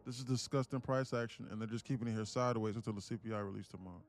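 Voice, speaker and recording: A man's voice: on the low side, fairly even intonation, rapid-fire, faint music behind. Laid-back, profane male stream host. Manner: laid-back, profane, addresses chat as guys. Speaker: day-trading livestream host. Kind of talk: casual livestream commentary.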